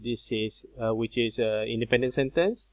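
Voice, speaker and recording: A man teaching a grammar lesson, explaining slowly and repeating himself with many fillers. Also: medium pitch, dry recording. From Malaysia. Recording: dull, dry lo-fi recording.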